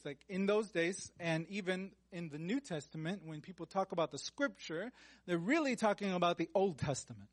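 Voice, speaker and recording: A male preacher with a notably high voice gives a relaxed, conversational sermon. He reads scripture aloud and drops in casual, joking asides between the verses. The sound is close and dry, with no room echo. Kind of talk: conversational sermon with Bible reading.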